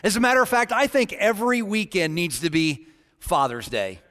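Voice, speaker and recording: High-voiced preacher in a hall. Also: male voice, sing-song, moderate pace, a bit bright. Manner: preaching, jokes then earnest statistics. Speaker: pastor. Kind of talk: sermon.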